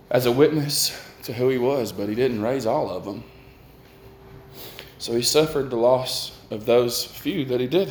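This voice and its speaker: A man's voice: on the high side, roomy sound, a little hiss or hum. A man preaching a conversational sermon and putting questions to his listeners.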